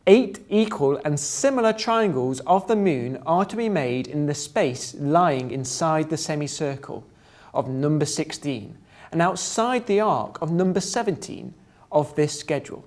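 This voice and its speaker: Reading step-by-step geometry drawing instructions, a presenter speaks deliberately, slips in dry jokes and at times laughs. The voice is mid-range, with lively intonation and a slightly mellow quality.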